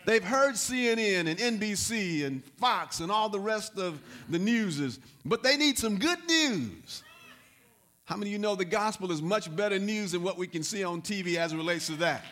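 A man preaching as pastor, repeating lines and building to loud calls to the congregation. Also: high voice, fairly quick, hardly any pauses. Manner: repetitive, rising to loud exhortation. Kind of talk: sermon.

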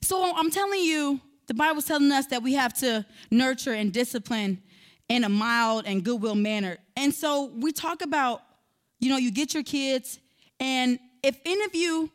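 Speaking at normal speed in a high voice, a woman teaches on parenting through a sermon-style talk. She's an animated storyteller, sharing a personal story and turning directly to her audience.

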